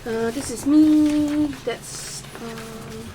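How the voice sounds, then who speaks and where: A woman's voice: a little high, unhurried, loud music behind the voice, poor audio. A woman player chatting and joking at a tabletop game, with many fillers. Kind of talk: casual tabletop game chat.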